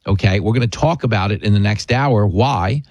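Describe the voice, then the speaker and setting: A man's voice: on the low side, moderate pace, darkish tone, no echo. A man hosting a talk radio show, delivering a brash, wisecracking monologue with emphatic asides.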